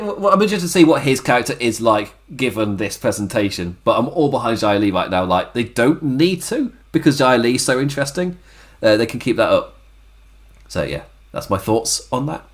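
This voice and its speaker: A man with a worn-out, hoarse throat, co-hosting a casual wrestling review podcast and laughing often. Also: medium pitch, big pitch swings, normal speed. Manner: laughs often, chatty and self-mocking. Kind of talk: casual chat.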